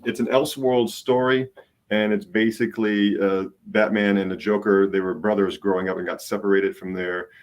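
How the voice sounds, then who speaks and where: Man, art dealer, casual sales pitch, easygoing, low voice. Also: a little mellow.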